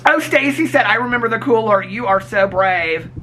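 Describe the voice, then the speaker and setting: A man's voice: high voice, animated, normal speed, bright, forceful tone, a little hiss or hum. A man vlogging in a casual, chatty way, reading viewer comments aloud and teasing commenters by name, calling them honey and sweetheart. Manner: gossipy, calls people honey and sweetheart.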